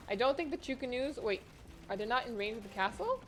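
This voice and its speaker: A woman hosts her own tournament and calls the action herself in a voice a touch higher than most. She talks from home into a streaming mic. Her play-by-play is chatty and excitable, full of quick exclamations. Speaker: tournament host and caster. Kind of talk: live esports play-by-play commentary. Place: home, near the internet modem.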